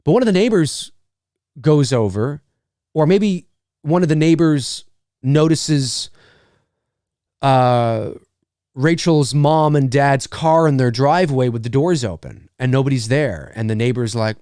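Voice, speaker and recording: A man's voice: medium pitch, dry recording, studio quality. A middle-aged man hosting a live stream in a casual, rambling way, swearing freely and answering viewer comments. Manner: rambling and animated, swears freely, acts out quick asides.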